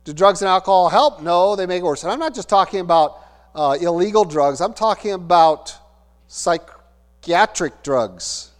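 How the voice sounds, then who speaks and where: A man's voice: high voice, lively intonation, moderate pace. Middle aged pastor guy preaching, emphatic, lots of rhetorical questions, long reverb and mains hum. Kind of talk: sermon. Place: church sanctuary.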